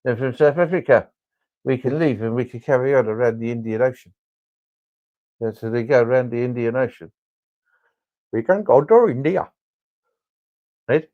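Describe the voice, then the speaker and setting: A man's voice: mid-range voice, normal speed, long pauses, lo-fi sound. A middle-aged man improvising comedy banter as co-host, jokey and pushing the bit along. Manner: jokey, steers the bit along, repeats words for laughs. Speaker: podcast co-host.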